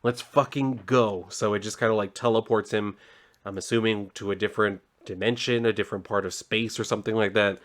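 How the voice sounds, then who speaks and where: A man's voice: lowish voice, flat delivery, fast, fairly bright tone. Rambling man recapping a comic. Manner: loose and rambling, heavy filler "like", casual swearing. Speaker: comic book reviewer.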